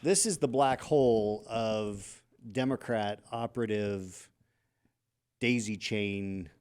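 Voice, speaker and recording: A man co-hosting a podcast in casual political chat, animated and quick in bursts. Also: fairly low pitch, smooth. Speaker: podcast co-host.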